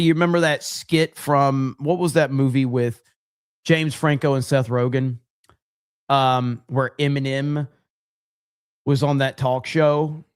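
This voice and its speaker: A man's voice: medium pitch, smooth. A man hosting a casual livestream podcast, laughing often and rambling as he reads out viewer messages. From United States.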